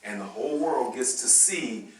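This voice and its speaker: Impassioned lecturer in an echoey hall. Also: male voice, medium pitch, expressive, moderate pace, recorded from a distance. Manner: impassioned, preacher-like. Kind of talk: lecture with call-and-response.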